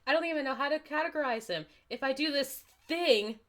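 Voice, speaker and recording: A woman's voice: high-pitched, fairly quick, fairly bright tone. A young woman reading a book aloud with a desk microphone, giggling and breaking off to comment in casual chat.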